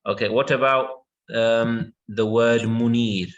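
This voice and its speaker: A man's voice: medium pitch, fairly even intonation, slow, lo-fi sound. A man teaching an English lesson, patiently repeating words and checking that his student follows.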